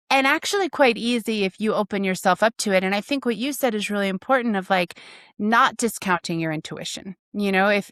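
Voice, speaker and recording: A woman's voice: medium pitch, no echo. A woman co-hosting a casual conversation, talking expressively and quoting herself. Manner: expressive, quick to quote herself. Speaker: podcast co-host.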